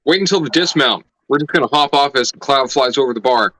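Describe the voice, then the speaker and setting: A man's voice: mid-range voice, fast talker, a bit bright, dry recording, poor audio. A man playing his character in a tabletop game, joking and brash, swearing casually. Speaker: player.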